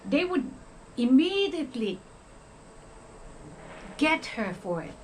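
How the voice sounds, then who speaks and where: A woman's voice: sits high, very animated, takes it slowly, a little hiss or hum, rough recording. An older woman from the Philippines with a Filipino accent, talking in a casual vlog monologue and often checking in with "okay?". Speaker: retired nurse vlogger.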